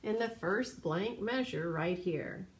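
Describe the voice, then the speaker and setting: Lively, slow-talking woman piano teacher. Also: mid-range voice. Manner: patient, clear teacher talk, breaks into sung solfege. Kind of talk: children's piano lesson video. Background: piano playing.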